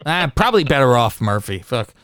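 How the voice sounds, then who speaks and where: A man co-hosting a podcast, recapping wrestling in casual, profane, animated chat. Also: mid-range voice, brisk, no echo, studio quality. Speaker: podcast co-host.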